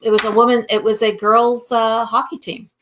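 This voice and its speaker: A woman's voice: fairly high pitch, little pitch movement, normal speed, a bit bright, a little hiss or hum. Easygoing woman from Canada, on a video call. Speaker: co-host, nutritionist. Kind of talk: casual chat on a live video show.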